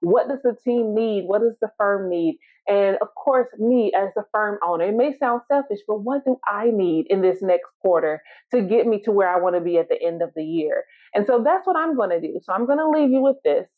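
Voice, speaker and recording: A woman's voice: mid-range voice, expressive, fairly quick, hardly any pauses. Encouraging woman hosting a podcast. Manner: encouraging, storytelling, direct address. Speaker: podcast host and law firm owner. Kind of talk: casual motivational solo podcast. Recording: tinny phone-like sound.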